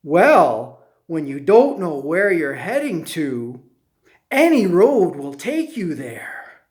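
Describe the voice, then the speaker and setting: A man voicing a calm talking cat from a storybook, in a slow, knowing tone. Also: fairly high pitch.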